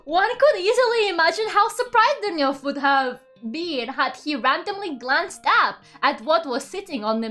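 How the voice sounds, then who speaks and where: A young woman from Russia with a bright, high voice reads a book aloud on stream, breaking off to react to her chat. She sounds incredulous, swears casually and laughs a lot, with soft music playing faintly underneath. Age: young adult. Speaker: VTuber streamer. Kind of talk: reading aloud and chatting with viewers.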